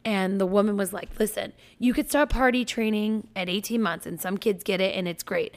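A woman co-hosting a podcast, a mother of four talking in animated, swear-heavy banter, acting out her own yelling. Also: medium pitch, a little fast. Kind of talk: casual couple banter.

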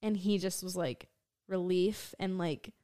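Young woman podcaster telling her story, clear smooth voice, dry close sound, lots of "like". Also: steady tone, measured pace, warm tone, dry recording. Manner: storytelling, many "like" fillers, often drops her voice low. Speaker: podcast co-host. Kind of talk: casual chat.

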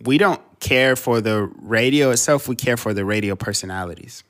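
A man's voice: medium pitch, normal speed, a bit bright. A man co-hosting a podcast in casual chat, easygoing and reflective, often hesitating over his words. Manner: easygoing, reflective, many fillers. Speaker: podcast co-host.

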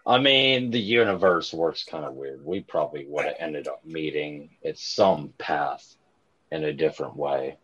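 Slow deep-voiced man, rambling and swearing. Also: a bit bright, husky, highs cut off. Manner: rambling, swears a lot, earnest about aliens. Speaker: guest on a cannabis livestream chat. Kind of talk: casual chat.

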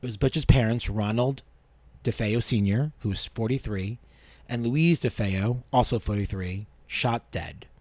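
A male podcast host telling a true-crime story in a measured way, dropping low for grim details. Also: a little mellow, dry recording.

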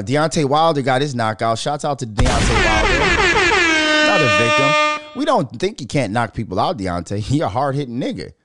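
A man from Minnesota hosting his own podcast, talking casually, swearing a lot and riffing into animated rants. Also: medium pitch, no echo, clean studio sound. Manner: profane, animated, riffing and ranting. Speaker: podcast host. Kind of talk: casual solo podcast rant.

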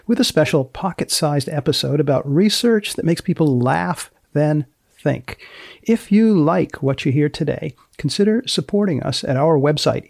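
A man's voice: fairly high pitch, creaky, darkish tone, no room sound. A man hosting a podcast, prompting his guest with brief, dry questions. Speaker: podcast host. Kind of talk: podcast interview.

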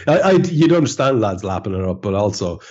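A man's voice: fairly low pitch, very animated, fairly quick, darkish tone, lo-fi sound. A man co-hosting a football podcast, giving wry, amused commentary in casual chat. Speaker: podcast co-host.

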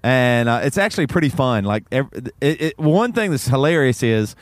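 A man's voice: normal speed, no room sound. A man, co-hosting a podcast, telling a story in casual chat and laughing through it. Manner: animated, laughs through the story, voice jumps high when excited. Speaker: podcast co-host.

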